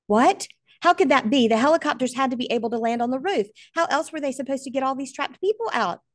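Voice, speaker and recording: A woman's voice: a little slow, darkish tone, dry recording, studio quality. Woman voicing a crying, panicked young boy. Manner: pleading, voice pitched up high. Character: frightened young boy, desperate and tearful.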